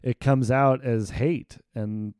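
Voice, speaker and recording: A man in casual conversation, talking in a calm, measured way and agreeing with his partner. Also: mid-range voice, clear, resonant tone, no echo, studio quality. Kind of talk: casual chat.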